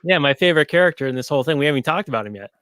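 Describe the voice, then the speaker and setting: A man's voice: fairly high pitch, expressive, rapid-fire, fairly bright tone, clear, resonant tone, no echo. A man co-hosting a casual movie review podcast, rambling with lots of fillers and restarts. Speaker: podcast co-host.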